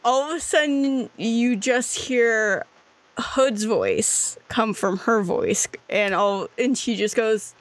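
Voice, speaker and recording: High bouncy gm lady narrating the game, laid-back pace, giggly. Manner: laughs often, slips into quick character voices. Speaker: game master.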